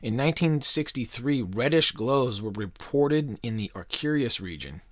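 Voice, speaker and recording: A man's voice: medium pitch, animated, moderate pace, a bit bright, no echo, studio quality. A young man hosting a podcast, delivering a crude, swear-filled conspiracy monologue with mocking jokey asides. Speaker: podcast host.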